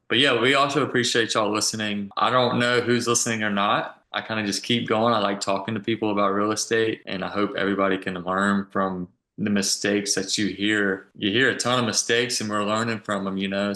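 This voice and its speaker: A man's voice: lowish voice, sharp tone, reverberant. A man co-hosting a real estate podcast, talking in an easygoing, laid-back way. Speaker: podcast co-host. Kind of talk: casual podcast chat.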